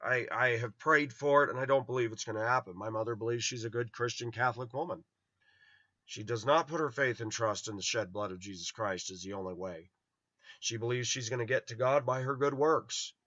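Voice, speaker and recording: A man's voice: mid-range voice, a little fast, pushed and bright, no room sound. A middle-aged man from Los Angeles telling personal stories in a blunt, rambling way. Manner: rambling, blunt, acts out quoted voices. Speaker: vlogger. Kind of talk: personal storytelling monologue. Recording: dull lo-fi dry sound.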